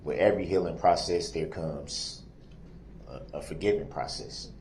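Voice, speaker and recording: A man giving a courtroom closing statement to a jury, soft-spoken and halting, with pauses and fillers. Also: very deep voice, fairly even intonation, slight background noise. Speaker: defendant addressing a jury.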